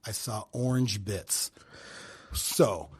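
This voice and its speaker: A man's voice: lowish voice, very slow, breathy edge. A middle-aged man with a Midwestern accent, a radio personality joking and telling stories as a podcast guest on a home podcast mic. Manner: animated, joking storyteller. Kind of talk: casual chat.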